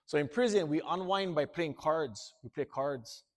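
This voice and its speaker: A man's voice: a little high, normal speed. A man telling his life story to students in a plain-spoken, earnest way. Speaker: motivational speaker. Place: school.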